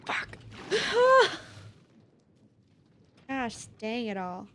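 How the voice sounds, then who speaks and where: A woman's voice: fairly high pitch, expressive, unhurried, a little hiss or hum. A woman YouTuber giving casual gameplay commentary at her desk mic, easily exasperated and breaking into outbursts and laughs. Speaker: gaming YouTuber.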